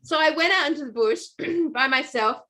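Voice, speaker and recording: Middle-aged Australian woman, casual storyteller, fairly high voice, fillers and restarts. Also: moderate pace. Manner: animated, rambling, many fillers and restarts. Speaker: podcast co-host.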